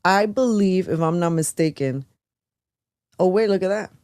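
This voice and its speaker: A woman co-hosting a talk show, speaking in a measured way with hesitant fillers as she cites figures. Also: fairly low pitch, darkish tone. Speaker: podcast co-host. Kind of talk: casual political talk.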